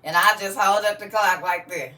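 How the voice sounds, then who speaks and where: A woman hosts a casual live stream, talking straight to her viewers in a chatty, half-preachy way and laughing often. Her voice is bright and sharp, with a middling pitch. She sits a little back from the microphone, so she sounds slightly distant. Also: moderate pace.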